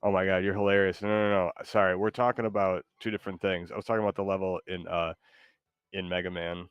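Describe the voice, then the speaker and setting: A man hosting a live stream in casual, laid-back chat, often hesitant and quick to laugh. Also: deep voice, level tone, clear, resonant tone, no echo, lo-fi sound. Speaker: streamer host.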